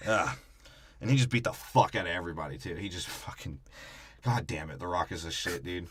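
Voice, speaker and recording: A man's voice: low voice, brisk, a little hiss or hum. A man co-hosting a casual podcast, recapping a movie plot with swearing, laughs and mocking asides. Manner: profane, laughing, recaps plot with mock impressions. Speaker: podcast co-host. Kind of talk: casual movie breakdown chat.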